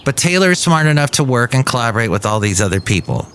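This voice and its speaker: Guy hosting a podcast, sardonic and rambly, middle pitch, faint hum of outdoor ambience behind. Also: big pitch swings, fast talker, a bit bright. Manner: sardonic, digressive riffing. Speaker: podcast host. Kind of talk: rambling comedic monologue. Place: outdoors outside a café.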